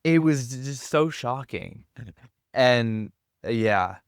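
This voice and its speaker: A man's voice: medium pitch, expressive, takes it slowly, creaky, clear, resonant tone, no echo, studio quality. A young American man from Tennessee, a podcast guest rambling casually and making fun of himself. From Tennessee, USA. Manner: rambling and self-deprecating, often laughing. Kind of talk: casual conversation. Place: backpacker hostel.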